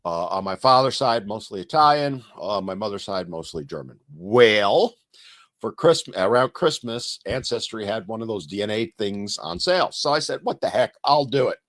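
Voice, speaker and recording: A man's voice: on the low side, lively intonation, moderate pace, a bit bright. Chatty man in his sixties. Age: 60s. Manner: casual, chatty, lots of fillers and asides. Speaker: channel host and activist. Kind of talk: live-stream Q&A, reading viewer comments. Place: home studio. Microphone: streaming setup.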